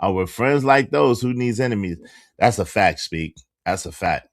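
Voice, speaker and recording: Gravelly man teasing his live chat. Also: fairly low pitch, lively intonation, moderate pace, no room sound, studio quality. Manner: teasing, repeats phrases, talks back to chat. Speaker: live-stream host reading chat. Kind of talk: casual live-stream commentary.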